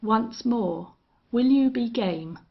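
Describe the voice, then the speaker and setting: A steely old gunfighter, as a woman narrator puts him on, flat and cold, each threat unhurried. Her voice has a husky, gravelly edge, and the recording sounds muffled and lo-fi. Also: on the high side, pitched above the performer's own voice, exaggerated voice. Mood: menacing. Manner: strange, monotonous, cold. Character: grim, steely older male gunfighter and hunter.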